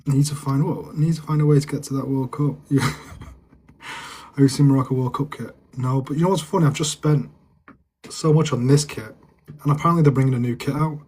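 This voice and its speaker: A man's voice: medium pitch, fairly even intonation, brisk, darkish tone, breathy edge. A young man with a northern English accent, chatting casually on a live stream and answering viewers' comments. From England. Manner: chatty, loose, repeats himself while answering comments.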